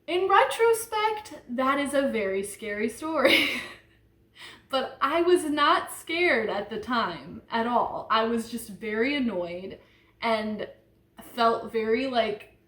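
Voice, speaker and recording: A woman's voice: a little high, lively intonation, takes it slowly, fairly bright tone. A young woman vlogger telling a true ghost story in a rambling, casual way, full of "like". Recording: echoey room.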